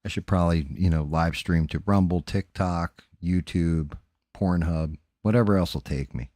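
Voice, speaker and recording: Fast-talking deep-voiced Jersey man. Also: darkish tone, no echo, studio quality. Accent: New Jersey. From New Jersey, USA. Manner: fast-talking, profane, rambling. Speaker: live-stream host. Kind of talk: casual live-stream chat while painting.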